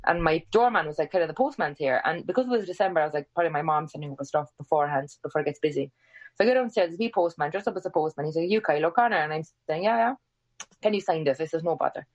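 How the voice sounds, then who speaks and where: In a muffled recording, a woman in her twenties from Ireland rattles off a story at rapid-fire speed as a podcast guest. Her casual telling is animated and full of swearing, with quoted lines acted out through wide shifts in pitch.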